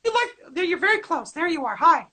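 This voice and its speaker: A man's voice: very high voice, sing-song, a little fast, sharp tone, heavily acted. A man voicing a cheerful toilet paper roll puppet who hosts a comedic talk show and asks eager questions with corny puns. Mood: chipper. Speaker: host.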